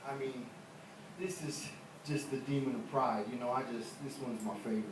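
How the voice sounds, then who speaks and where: A man's voice: medium pitch, fairly even intonation, normal speed. A man preaching a sermon as an evangelist, conversational and joking, often repeating himself. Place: church sanctuary. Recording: echoey church from far off with background noise.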